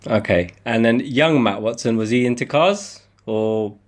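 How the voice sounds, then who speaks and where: A man's voice: medium pitch, measured pace. A man hosts a casual podcast, introducing his guest and asking questions. His manner is friendly and easygoing. He keeps his prompts short. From England, Luton. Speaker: podcast host. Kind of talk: casual interview chat.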